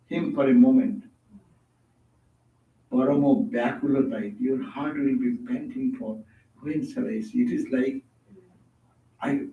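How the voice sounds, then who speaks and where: A man giving a devotional sermon as a monk, telling stories and often stopping to search for words, with rhetorical asides. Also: mid-range voice. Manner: storytelling, asks rhetorical "No?" and "Huh?"; halting, restarts and searches for words. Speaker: monk giving a spiritual talk. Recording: echoey, distant, dull hall recording.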